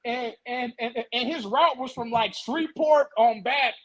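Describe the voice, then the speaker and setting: Young man, very high voice, animated casual storytelling, stutters and repeats. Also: a little slow, rough recording.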